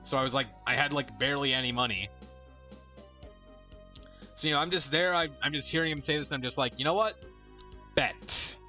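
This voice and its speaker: A young man and let's play co-host tells a long, rambling story while gaming, swearing and often cutting himself off mid-sentence. His mid-range voice is sharp and quick with frequent pauses, and faint music plays behind him.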